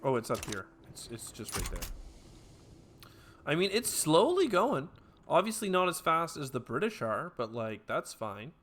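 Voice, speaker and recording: A man commentating his own strategy game playthrough, bursting into excited trash talk and then dropping to quiet mutters. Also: on the high side, a little slow, slight background noise. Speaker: let's play gamer. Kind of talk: gameplay commentary. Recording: clear game music behind voice. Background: game background music.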